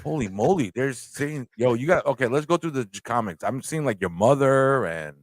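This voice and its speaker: A man's voice: medium pitch, lively intonation, moderate pace, dry recording. A man co-hosting a casual livestream, tossing in joking, exclamatory asides. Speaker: livestream co-host.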